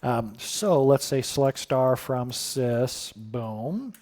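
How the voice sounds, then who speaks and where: A man's voice: medium pitch, lively intonation, takes it slowly, darkish tone. A middle-aged man live coding on a stream, thinking aloud casually with sudden surprised exclamations and answering chat questions.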